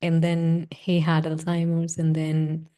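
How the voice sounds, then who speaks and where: Young woman podcast host, heartfelt monologue, warm low-ish voice. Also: monotone, slow. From South Asian diaspora. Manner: earnest, emotional, uses "like" often.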